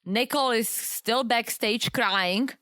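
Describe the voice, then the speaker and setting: A woman co-hosting a podcast, recapping a reality show in animated, exclaiming casual chat. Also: fairly high pitch, takes it slowly, no echo, clean studio sound. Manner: animated and exclaiming, laughs often. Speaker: podcast co-host.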